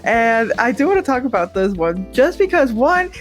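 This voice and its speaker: A woman hosts a casual podcast interview, enthusiastic and quick to laugh. Her questions run long and loose. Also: on the high side, big pitch swings, faint music behind. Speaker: podcast host.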